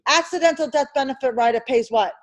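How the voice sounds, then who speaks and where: A high-pitched woman leads a classroom review, her delivery brisk and insistent. She keeps throwing quick questions at the students and stresses the key points firmly. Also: low-quality recording. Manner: emphatic and animated. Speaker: insurance licensing instructor.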